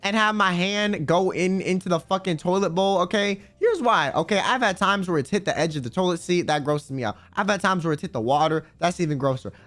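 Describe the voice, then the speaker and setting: A man's voice: high voice, brisk, hardly any pauses, a bit bright. A man streaming live, chatting casually with his viewers in a rambling, crude, joking way. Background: faint background music.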